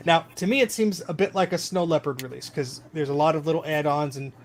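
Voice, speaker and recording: A man's voice: on the high side, fast talker, slight background noise. A chatty man hosting a laid-back tech podcast, his voice sitting a little above the usual male range. He talks loosely, jokes around and drops plenty of fillers and restarts. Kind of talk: casual tech podcast chat.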